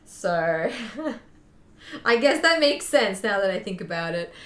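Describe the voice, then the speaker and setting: A young woman talks to her viewers in a loose, rambling way, full of fillers and restarts. Her voice sits at an ordinary middle pitch. The room around her is echoey. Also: expressive, slow pace. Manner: rambling, chatty, with fillers and repeats. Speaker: streamer chatting with viewers. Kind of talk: casual chat.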